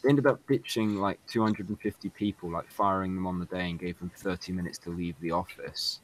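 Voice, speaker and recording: A man's voice: sits low, fairly even intonation, brisk, poor audio. A man co-hosting a casual group podcast over voice chat, rambling through an explanation with many fillers. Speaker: podcast co-host.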